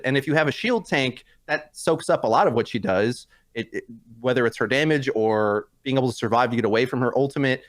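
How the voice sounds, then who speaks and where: A man in a casual podcast chat about a video game. He rambles, restarts sentences and fills pauses with fillers. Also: mid-range voice, expressive. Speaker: podcast guest. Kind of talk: casual gaming discussion.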